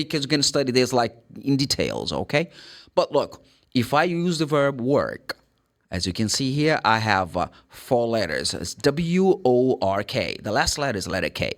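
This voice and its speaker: A man with a Brazilian accent gives an English pronunciation lesson in a lively, swooping voice. He spells out letters and repeats their sounds one by one. His voice sits at an ordinary pitch for a man. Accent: Brazilian Portuguese. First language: Brazilian Portuguese. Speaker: English teacher.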